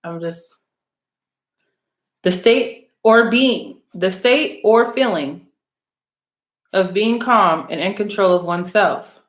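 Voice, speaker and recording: A woman's voice: medium pitch, slow, pauses often. A woman talking to her viewers as a spiritual reader in a casual, rambling monologue. She is blunt, teasing and profane, and calls her audience out. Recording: roomy, echoey room sound.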